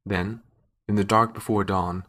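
A man narrating a fantasy story in a measured, wry storytelling manner. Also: fairly low pitch, fairly even intonation, fairly bright tone. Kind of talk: scripted narration.

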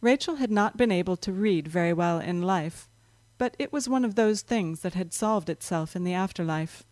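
A woman narrating a story in a calm, measured reading voice. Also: on the low side, no echo.

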